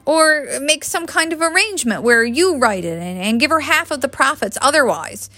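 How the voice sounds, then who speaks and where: Woman voicing a pushy young woman, teasing, bright and tense, higher voice. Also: expressive, normal speed, no room sound. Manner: teasing, pressing.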